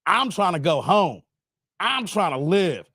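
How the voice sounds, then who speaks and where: Forties male streamer, slangy and joking, lively swinging delivery, a touch high. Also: measured pace, breathy edge, dry recording, studio quality. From Chicago area, United States. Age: 40s. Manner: joking, laughs often, slangy and emphatic. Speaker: livestream host. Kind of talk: casual livestream commentary.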